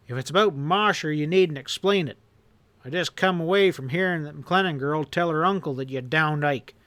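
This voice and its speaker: A man's voice: fairly high pitch, normal speed, a bit bright, lightly acted. A man voicing a hard, furious outlaw boss in a western audiobook, snarling and roaring his threats.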